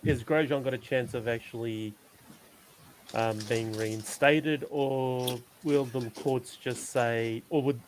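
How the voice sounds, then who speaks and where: A man's voice: mid-range voice, fairly even intonation, takes it slowly, rough recording. Male podcast co-host, teasing and questioning, faint background hiss, online call. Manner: jokey, asks questions, hesitant. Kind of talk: casual chat.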